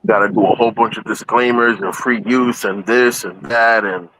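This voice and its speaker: A man's voice: lowish voice, fairly even intonation, normal speed, a bit bright, poor audio. A man chatting casually as a podcast guest, rambling and repeating himself, with easy laughter as he talks. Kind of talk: casual chat.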